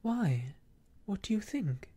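A man's voice: high voice, very animated, takes it slowly, warm tone, slightly rough, pitched above the performer's own voice, exaggerated voice. A man voicing a frightened young woman governess in a whispered role-play, breathless and pleading.

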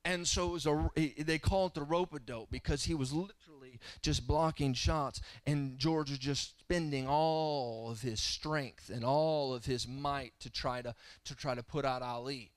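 Man preaching a folksy sermon, crisp voice. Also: medium pitch, unhurried, few pauses, no room sound. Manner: storytelling, rising to fervent preaching. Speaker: guest preacher. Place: church sanctuary.

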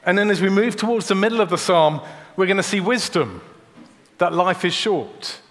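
Man, sermon, high voice, earnest, restarts words, long church reverb. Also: animated, moderate pace, a bit bright. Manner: earnest, repeats words when starting sentences. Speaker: preacher.

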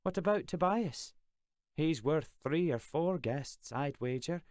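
A brash, quick-tempered Scottish teenage girl, pitched high and loud, who bristles and teases, as a male audiobook reader puts her on. Her voice is set in a dry recording with no room sound. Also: expressive, no room sound. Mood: teasing. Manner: indignant, teasing, raised girlish voice. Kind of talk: audiobook character voice.

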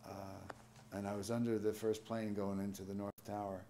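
A man in his sixties, a veteran, telling a personal memory in a halting, reflective, soft-spoken way. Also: lowish voice, little pitch movement, slight background noise. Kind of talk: personal testimony.

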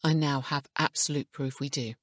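A woman's voice: deep voice, fairly even intonation, moderate pace, no echo, clean studio sound. A woman voicing a determined, angry man who speaks stiffly and insists on answers. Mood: insistent. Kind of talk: audiobook character voice.

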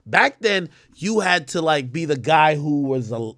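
A man's voice: a little high, lively intonation, measured pace, fairly bright tone, no room sound, clean studio sound. A man hosting a stream, giving blunt, profane reaction commentary. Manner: blunt, profane, chuckling asides. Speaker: streamer host.

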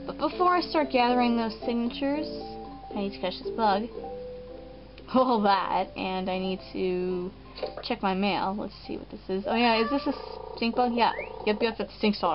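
A woman's voice: fairly high pitch, dull audio. A young woman hosting a gaming channel, chatting casually, giggly and poking fun at herself. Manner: chatty, giggly, self-mocking. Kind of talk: casual game commentary.

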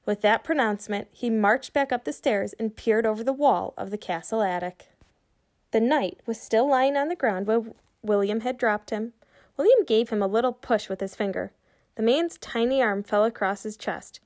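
A woman reading a children's book aloud, pausing to ask her young listeners questions about the story. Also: on the high side, darkish tone. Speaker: reader for children.

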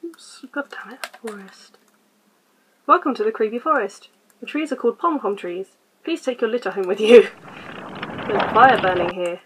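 A woman hosting a casual let's-play, quietly reading game text aloud and muttering her choices. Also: a little high, a little hiss or hum, low-quality recording. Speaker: gaming channel host.

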